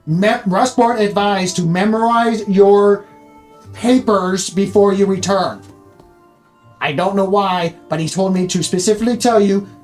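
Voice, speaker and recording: A game master voicing a fussy male archivist wizard with a nasal voice, rushing through a long magical message in bureaucratic rambling. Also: medium pitch, faint music behind, close to an everyday voice. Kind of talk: tabletop role-play voice.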